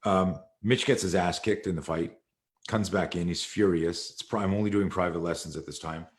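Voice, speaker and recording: Over a live video call, a man who teaches martial arts tells a long story in an interview, acting out the dialogue he quotes. His voice is low-pitched and moves at a moderate pace.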